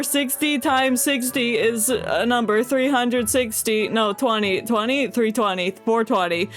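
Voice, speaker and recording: A woman's voice: fairly high pitch, unhurried, few pauses, soft background music. A woman streamer chatting through a story game playthrough, giggly, scatterbrained and self-deprecating. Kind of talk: casual game playthrough chat.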